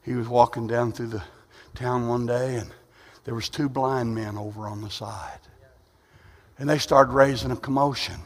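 A man preaching a sermon. He moves between quiet, conversational asides and loud, rising, drawn-out preaching. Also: mid-range voice, steady tone. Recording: long hall reverb.

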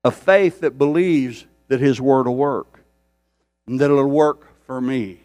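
A man's voice: a little high, smooth, no echo, studio quality. An older man preaching a sermon, repeating phrases for emphasis and building intensity as he speaks. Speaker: pastor.

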